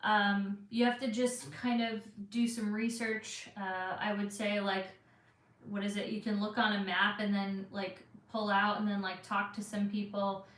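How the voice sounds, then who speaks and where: A woman's voice: medium pitch, little pitch movement, unhurried, a bit bright. Chatty so-cal girl on a livestream, lots of ums, roomy echo. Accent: Southern Californian. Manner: chatty, rambling, many fillers. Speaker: vlogger answering live chat. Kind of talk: casual live-stream chat. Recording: echoey room.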